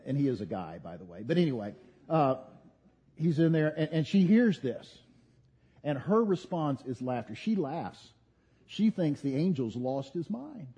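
A man preaching a sermon, retelling scripture as an animated story. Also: mid-range voice, breathy edge. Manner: animated storytelling, voicing quoted figures. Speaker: pastor. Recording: dull lo-fi sound.

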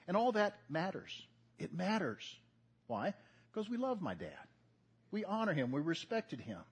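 Husky older man preaching a sermon. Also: high-pitched, very animated, a little slow. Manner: builds to loud emphatic repetition. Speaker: pastor.

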